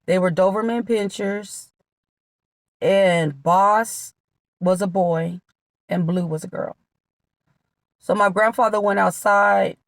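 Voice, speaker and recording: A woman's voice: fairly low pitch, dry recording. A woman vlogger telling her own life story in a casual, candid way. She often quotes her relatives. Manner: candid, conversational, drops into quoted voices of relatives.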